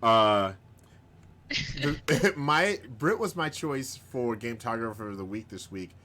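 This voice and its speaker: A man hosting a live stream in casual chat, rambling, chuckling often and bursting into excited outbursts. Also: mid-range voice, slow pace. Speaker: host of a live-streamed show.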